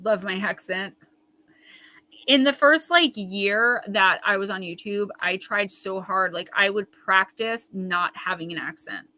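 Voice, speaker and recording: Poor audio carries this woman's medium-pitched, bright voice, forceful in tone and measured in pace. As host of a live tarot stream and an intuitive reader, she chats emphatically with her audience, reading out their comments and playing off them.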